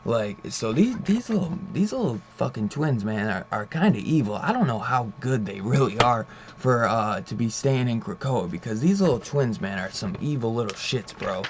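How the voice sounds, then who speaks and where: A man giving a laid-back comic book review rant at an ordinary middle pitch, peppering his talk with "like", "man" and "dude" and the odd curse. He retells scenes in a loose storytelling way. The audio is a little dull and muffled, with a faint hiss underneath. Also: lively intonation, moderate pace, hardly any pauses. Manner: loose and profane, heavy use of "like", "man" and "dude".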